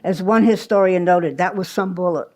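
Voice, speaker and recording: A woman's voice: fairly low pitch, moderate pace, a little mellow. A woman giving a live history talk at a small museum, telling the story conversationally with asides and small restarts. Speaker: history presenter.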